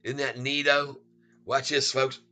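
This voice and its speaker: A stock trading streamer gives playful, casual live commentary on his trades, laughing often and chanting goofy little rhymes. His medium-pitched voice is level and sharp in tone, and he speaks a little slowly.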